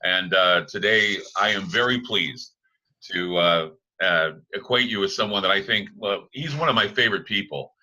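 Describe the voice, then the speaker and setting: A man hosting a casual interview, his voice pitched low yet with a bright, forceful edge. He talks in a halting way, filling gaps with "uh" as he gathers his thoughts. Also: poor audio. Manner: halting, with frequent "uh" fillers. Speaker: talk show host.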